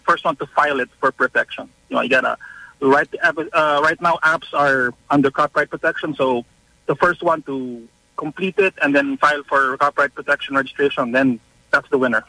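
A man calling in to a radio show as an intellectual property attorney, a bit high and bright in tone. He explains hesitantly, pausing on fillers, and the sound is dry. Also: dry recording, rough recording. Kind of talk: phoned-in explanation.

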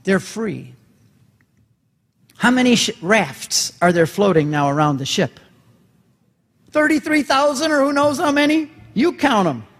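High-voiced man in an echoing hall. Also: lively intonation, measured pace, long pauses, slightly rough. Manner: dramatic, acts out dialogue with voices. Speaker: speaker and convert giving a talk. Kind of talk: animated storytelling talk. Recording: long hall reverb.

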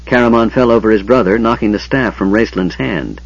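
Husky low-voiced male narrator. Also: a little fast, dry recording. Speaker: audiobook narrator. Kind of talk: scripted narration. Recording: dull lo-fi audiobook recording.

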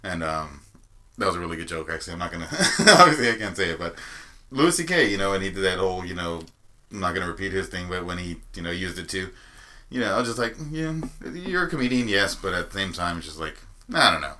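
Lower-pitched podcast guy, rambles a lot, um uh you know, bright edgy tone. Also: sing-song, fast talker. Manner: rambling, hesitant, lots of fillers. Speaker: podcast co-host. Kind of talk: casual chat, storytelling.

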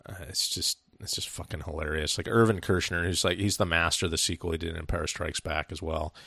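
A man's voice: low-pitched, fairly even intonation, fairly quick, vocal fry, bright, forceful tone, no room sound, studio quality. A man co-hosting a film podcast, talking in a laid-back way with many fillers and frequent laughs. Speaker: podcast co-host. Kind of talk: casual film review chat.

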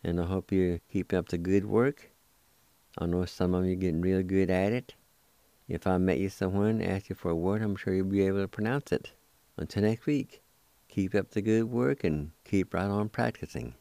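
A man hosting a radio language lesson, spelling words letter by letter and repeating each word slowly. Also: sits low, mellow, no echo. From United States. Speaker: language teacher and radio host.

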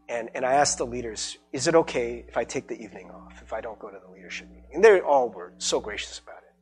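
Husky-voiced pastor telling a personal story. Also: male voice, medium pitch. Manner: conversational, halting with many fillers and repeated words. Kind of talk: personal testimony sermon.

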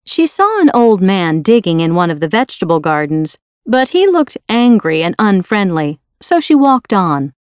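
A woman's voice: mid-range voice, sing-song, moderate pace, few pauses, clear, resonant tone, no echo. Woman reading a storybook aloud. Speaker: audiobook reader. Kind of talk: scripted storybook narration.

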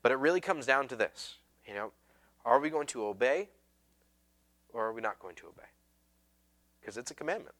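A male pastor delivers a sermon in a loose, conversational way, stumbling over fillers and restarting sentences as he tells a story. His voice is bright and forward, and he pokes fun at himself with easy humor. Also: medium pitch, expressive, moderate pace, pauses often. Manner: self-deprecating, humorous.

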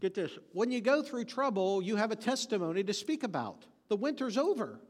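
High-voiced preacher with folksy stories. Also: male voice, very animated, a little fast, in a large hall. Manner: folksy storytelling with joke delivery; emphatic repetition. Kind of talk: sermon.

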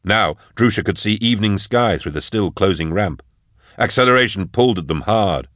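Male narrator, audiobook, scripted narration, deep voice, steady and measured, dry close sound. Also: no echo.

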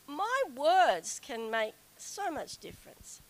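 A middle-aged woman telling a personal story to an audience in a chatty, animated way. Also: slow, rough recording. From Australia. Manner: chatty, animated, acts out quoted whining in a high voice. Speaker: speaker telling a story to a group.

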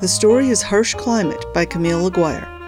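A woman's voice: on the low side, brisk, over music. A woman hosting a story podcast, reading narration and adding casual, wry comments.

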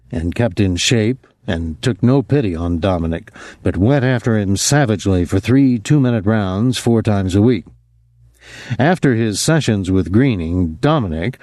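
A man reading a novel aloud in steady audiobook narration on a close mic. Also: lowish voice, dry recording.

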